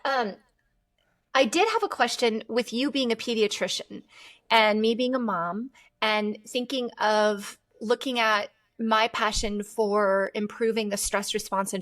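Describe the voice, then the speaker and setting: A woman hosting a podcast interview, asking long questions and thinking aloud in an animated way. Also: medium pitch. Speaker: podcast host. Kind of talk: conversational interview.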